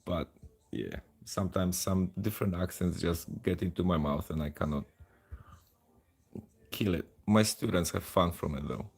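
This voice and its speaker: Gravelly deep-voiced man rambling over gameplay. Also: normal speed. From Poland. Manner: rambling, chatty, self-deprecating. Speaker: mobile game streamer. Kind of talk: live gameplay commentary.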